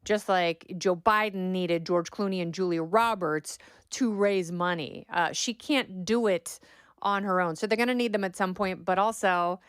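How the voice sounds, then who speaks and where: A middle-aged woman hosts a political podcast, delivering opinionated commentary with a sarcastic bite. Her voice is smooth and crisp, recorded close and dry in a studio with no room sound. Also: fairly low pitch, normal speed, no room sound. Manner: sarcastic, mocks quoted talking points in exaggerated voices. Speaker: podcast host.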